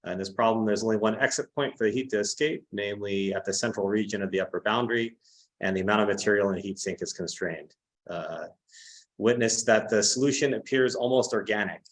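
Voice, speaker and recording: A man hosting an online workshop, explaining technical animations in a relaxed way with frequent "uh" fillers. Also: on the low side, fast, rough recording. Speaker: workshop host announcing contest winners. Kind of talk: presenting over a video call.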